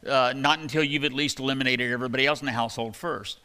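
A man preaching a sermon in a relaxed, conversational way, with plenty of fillers. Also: mid-range voice, quick pace, clean tone. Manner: conversational, folksy, many fillers. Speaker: pastor. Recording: long hall reverb.

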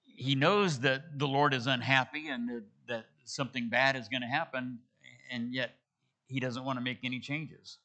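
A pastor teaches expository Bible lessons in a sermon, reading scripture and retelling it in casual everyday dialogue, often restarting his sentences. His medium-pitched voice has a sharp tone and fairly even intonation, at a moderate pace.

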